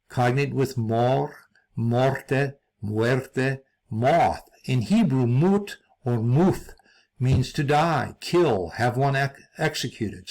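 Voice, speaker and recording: A man narrating a solo video lecture, reading from a script in a measured way, pausing between list items and sometimes restarting a word. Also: mid-range voice. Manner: measured, reads lists with pauses and occasional restarts.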